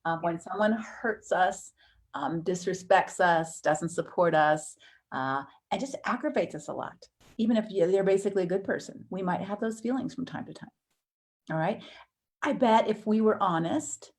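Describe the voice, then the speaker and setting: A woman teaching a counseling course in a conversational way, acting out inner thoughts with sudden jumps in pitch. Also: moderate pace.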